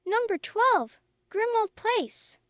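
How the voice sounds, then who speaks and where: A woman's voice: extremely high pitch, big pitch swings, measured pace, a bit bright, no room sound, clean studio sound, voice pushed up, full character voice. A woman reading the lines of an urgent, insistent teenage boy wizard in a storybook. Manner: insistent, demanding.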